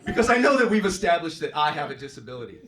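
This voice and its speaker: A male stand-up comedian doing a profane, brash set on stage, jumping into loud mocking voices for punchlines. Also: fairly high pitch, big pitch swings, very fast, a faint crowd. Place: comedy club stage with live audience. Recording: live club recording with audience noise.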